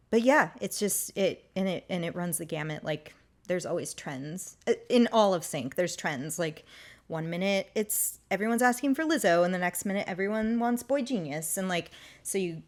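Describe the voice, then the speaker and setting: A young woman talks as an interview guest in a loose, chatty way. Her speech is full of "like" and "um" fillers. Her voice sits a little low for a woman. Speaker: guest, music agency co-founder. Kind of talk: casual interview chat.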